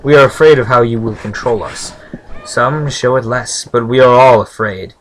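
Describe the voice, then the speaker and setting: A man's voice: medium pitch, normal speed, a little hiss or hum, lightly acted, poor audio. A man voicing a timid, terrified female servile villager from a fantasy game, stammering fearfully.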